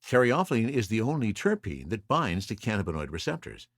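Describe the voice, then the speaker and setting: Podcast host, male, low voice, animated pitch, reads lists, dry booth sound. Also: a little fast, no room sound. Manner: reads from notes, lively listing. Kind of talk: solo podcast explainer.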